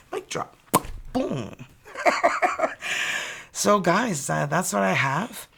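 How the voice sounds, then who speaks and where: Chatty Canadian woman with a bright voice. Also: fairly low pitch, extremely slow, gravelly, pauses often, slightly rough. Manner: chatty and animated, with many "like" fillers. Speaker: tarot reader. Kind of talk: casual storytelling to viewers. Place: home studio.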